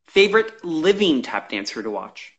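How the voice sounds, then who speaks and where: A man hosting a live interview, asking quick-fire questions in a brisk, encouraging way. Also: a little high, sing-song, lo-fi sound. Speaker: host.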